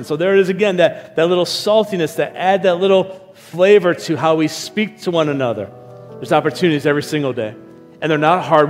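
A middle-aged man preaching a sermon as a pastor, telling stories and acting out his own lines in lively asides. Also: fairly high pitch. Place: church hall. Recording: reverberant hall with faint music.

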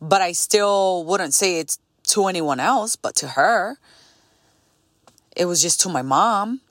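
Energetic, heartfelt woman telling her story. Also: on the low side, no room sound, studio quality. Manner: pauses and slows on key words. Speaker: podcast host. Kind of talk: personal storytelling.

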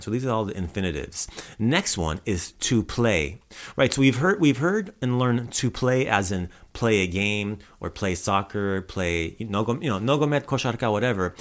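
A man hosting a casual podcast, patiently teaching Croatian words and repeating them for a listener to echo. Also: on the low side. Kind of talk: casual language lesson.

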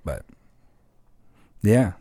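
A man talking casually on a church podcast, explaining how songs are written, lively and full of examples. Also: very slow, no room sound. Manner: animated, explains with examples and rhythms. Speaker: church songwriting guest.

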